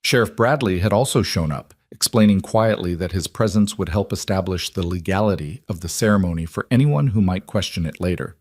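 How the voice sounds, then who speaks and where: A man narrating a western romance story in a calm, measured scripted reading. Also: sits low, no room sound, studio quality.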